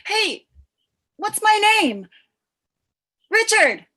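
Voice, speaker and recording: A woman playing a chirpy, high-pitched amnesiac. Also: a little slow, heavily acted. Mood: wondering. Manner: bright, wondering, animated. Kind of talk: live play reading over video call. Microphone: video call.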